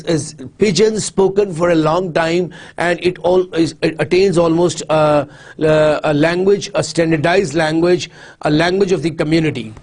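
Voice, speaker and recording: A man delivers a recorded university lecture in a slightly high voice. He explains step by step, often repeating words and restarting his sentences. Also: darkish tone.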